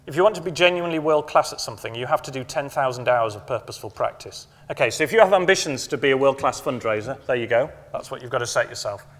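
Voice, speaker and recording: A man in middle age delivers a motivational conference talk in an emphatic way, slowing down and repeating the points he wants to land. His voice has a gravelly edge at the ends of phrases. The sound carries a long reverb from a conference hall. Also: medium pitch, a bit bright. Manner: emphatic, repeats key phrases, slows for effect. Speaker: conference speaker.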